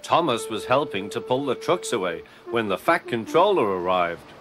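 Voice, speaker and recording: A man narrating a children's train story in an expressive, animated way. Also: on the low side, moderate pace. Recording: narration over clear music.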